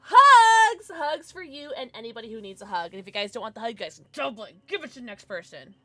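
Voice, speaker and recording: A woman's voice: medium pitch, animated, racing, fairly bright tone, no echo. A young adult woman streaming from home, chatting casually and gushing at her chat with sudden squeals.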